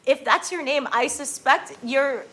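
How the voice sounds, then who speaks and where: A woman's voice: high voice, unhurried, fairly bright tone. A woman streamer chatting casually with her viewers and reading their comments, laughing often and trailing off mid-sentence. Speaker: live streamer. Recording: roomy echo with faint music.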